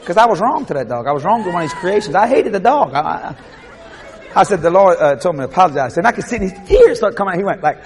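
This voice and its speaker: Preacher, male, high lively voice, comic storyteller, faint audience behind. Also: quick pace, a faint crowd. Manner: animated, laughing, acts out scenes.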